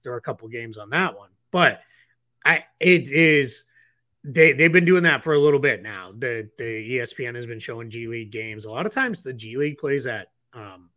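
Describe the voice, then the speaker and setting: Bright-voiced man chatting about basketball. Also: mid-range voice, animated, normal speed, no echo. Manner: rambling, many fillers and restarts. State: has the hiccups. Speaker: podcast co-host. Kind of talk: casual sports chat.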